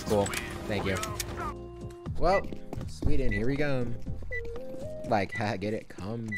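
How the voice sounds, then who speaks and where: A man's voice: fairly low pitch, loud music behind the voice. A young man of college age chatting casually over gameplay, giggly and teasing. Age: late teens. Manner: giggly, teasing, drawn-out delivery.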